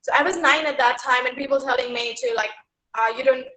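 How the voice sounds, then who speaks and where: Young Indian English woman, chatty motivational speaker, sharp bright tone. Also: sits high, fairly even intonation, quick pace, reverberant, poor audio. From Haryana, India. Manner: chatty, with many "like" and "you know". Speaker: guest speaker at a school. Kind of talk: motivational talk to students.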